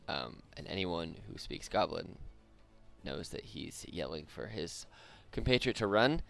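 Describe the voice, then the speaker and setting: A man's voice: sits low, expressive, moderate pace, vocal fry, fairly bright tone, soft background music. A young man narrating as dungeon master in a laid-back way, with vivid combat descriptions. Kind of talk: narrating a tabletop game.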